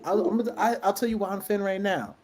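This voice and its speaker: A man's voice: sits high, quick pace, background noise. A man from Jamaica co-hosting a podcast, arguing playfully in casual banter. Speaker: podcast co-host. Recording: echoey room.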